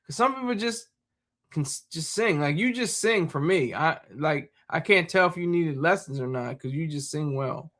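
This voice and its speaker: Guy with a pretty high voice chatting on a stream, reads comments, laughs a lot, trips over words. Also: lively intonation, normal speed, a bit bright. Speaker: streamer reading viewer comments. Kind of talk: casual live chat.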